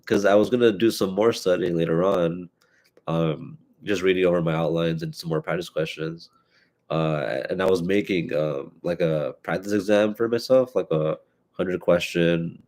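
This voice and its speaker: A young man with a stuffy nose hosts a live solo podcast in a very low voice. He rambles through casual chat, swearing freely and stopping to restart his sentences. His talk is loose and unscripted. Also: normal speed, darkish tone. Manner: rambling and profane, with many fillers and restarts. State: stuffy from allergies. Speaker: podcast host.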